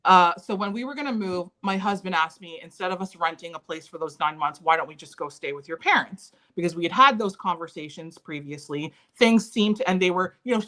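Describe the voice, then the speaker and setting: A woman's voice: lowish voice, a bit bright. A woman in her thirties, an interview guest, candidly and earnestly recounting painful family memories. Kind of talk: personal storytelling in a conversation.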